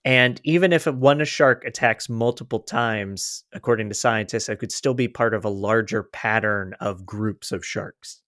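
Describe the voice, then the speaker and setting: A man's voice: fairly low pitch, measured pace, few pauses, a bit bright, dry recording. Chatty man podcast host, dry sound. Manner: chatty, laughs easily, restarts. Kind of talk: casual chat, reading a quote aloud.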